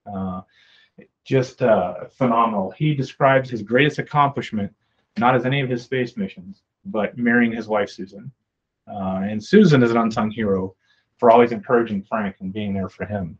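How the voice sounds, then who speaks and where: A man's voice: mid-range voice, muffled recording. A man with an American Midwest accent giving a casual storytelling talk as a guest speaker, acting out quoted dialogue with lots of fillers. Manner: anecdotal, acts out quoted dialogue; frequent fillers, conversational.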